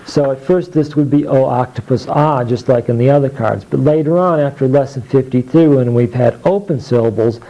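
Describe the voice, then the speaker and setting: A man teaching phonics, sounding out letters and keywords one by one in a deliberate instructional drill. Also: mid-range voice. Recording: dull lo-fi recording.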